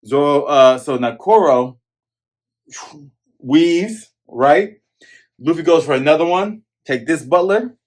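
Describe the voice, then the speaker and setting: A man recaps a comic chapter in a loose, chatty way. His pitch swings high and low as he acts out the fights with plenty of energy. He sounds like a host talking straight to his regular viewers. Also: takes it slowly, pauses often. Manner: animated, excitable retelling that acts out scenes. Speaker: manga review host.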